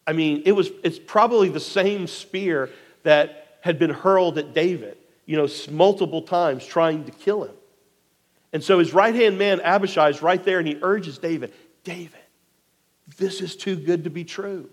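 A man preaching a sermon, retelling a scripture story in an animated way, sometimes dropping to near quiet. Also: on the high side, moderate pace, in a large hall. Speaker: pastor.

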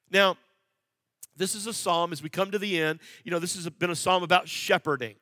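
Male pastor, sermon, high voice, earnest, repetitive emphasis, quiet to loud swings. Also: steady tone, a little fast, dry recording, clean studio sound. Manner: earnest, repeats phrases for emphasis, asks the congregation questions.

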